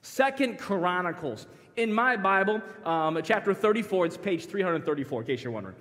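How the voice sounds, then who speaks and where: High-voiced joking pastor in a hall. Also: male voice, quick pace. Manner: joking, animated storytelling with the crowd. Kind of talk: youth conference sermon. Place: church sanctuary. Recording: long hall reverb.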